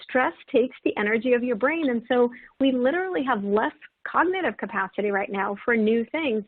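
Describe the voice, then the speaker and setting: A woman panelist talks through a webinar in a casual, encouraging way, leaning on "right?" and "like" as she goes. Her voice sits a little high. It comes over a narrow, phone-like line with no room sound. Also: dry recording. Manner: warm encouraging, many "right?" and "like" fillers. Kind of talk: webinar talk on self-compassion. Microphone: video call. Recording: tinny phone-like call audio.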